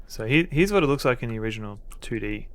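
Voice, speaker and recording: A man casually commentating as he plays a retro adventure game, relaxed and rambling with wry asides. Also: medium pitch, fast.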